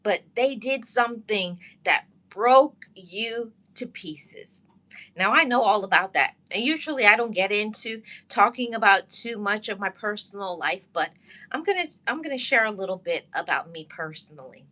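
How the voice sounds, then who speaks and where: Fighting back tears, a woman hosting her channel shares her own heartbreak with viewers she addresses as loved ones, also greeting the live chat. Her bright, clear, medium-pitched voice is expressive, and her heartfelt telling is repetitive, full of pauses and restarted lines.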